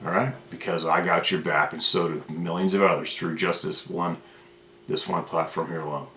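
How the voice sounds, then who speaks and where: Fired-up deep-voiced man ranting to camera. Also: steady tone, moderate pace, bright, forceful tone, roomy sound, a little hiss or hum, poor audio. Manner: fired-up, emphatic, repeats himself. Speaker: channel host. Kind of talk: impassioned unscripted rant to camera.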